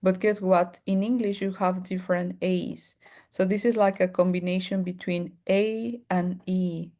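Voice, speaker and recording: Woman, Mexican Spanish accent, English pronunciation teacher, online class, repeats words slowly. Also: fairly low pitch, steady tone, dark tone.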